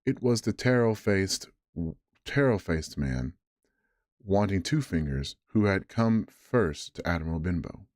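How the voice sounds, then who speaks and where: Low-voiced guy reading a bedtime story, measured, dry close sound. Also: animated, a little mellow, no echo.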